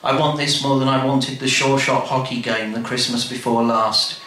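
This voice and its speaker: A man reading his memoir aloud to a live audience in a bar, wry and animated, with quick asides. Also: mid-range voice. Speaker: storyteller. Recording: echoey live room, faint background noise.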